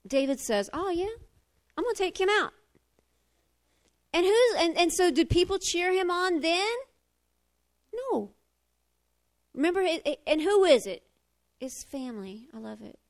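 High-pitched woman preaching a sermon, on the edge of tears, goes loud then soft and confessional. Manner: expressive and confessional, swinging from loud to hushed, tearful at times. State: close to tears. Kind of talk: emotional sermon.

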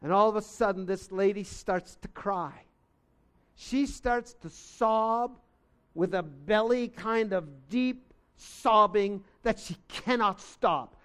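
Slow-speaking high-voiced male preacher. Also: fairly bright tone. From United States. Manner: slow, earnest storytelling with emphatic outbursts. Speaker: pastor. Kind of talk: sermon storytelling.

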